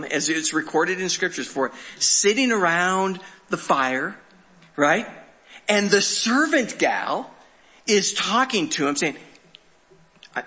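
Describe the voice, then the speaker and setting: A male pastor teaches in a chatty, animated way, often checking in with the congregation. His voice is bright and a bit husky, and it sits on the higher side. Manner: conversational, animated, asks rhetorical questions. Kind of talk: sermon, Bible teaching.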